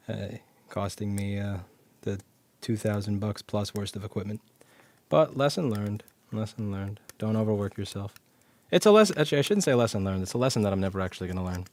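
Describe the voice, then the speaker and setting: Blunt, low-voiced man teaching board repair. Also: darkish tone, dry recording. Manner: blunt, sarcastic, swears casually. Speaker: repair instructor. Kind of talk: live-streamed repair lesson. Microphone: clip-on mic.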